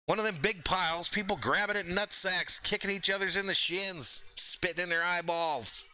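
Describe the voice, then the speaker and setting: A man calling a football game play-by-play on a live fan stream, excitable and joking as he reads chat messages aloud. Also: sits high, moderate pace, smooth, low-quality recording. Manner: excitable, jokey, hyping plays. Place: home streaming setup.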